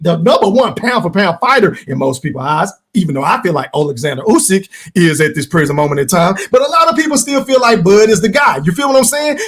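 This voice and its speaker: A man hosting a podcast, ranting loudly and profanely about boxing, with frequent shouted outbursts. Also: high voice. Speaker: podcast host. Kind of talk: heated boxing rant.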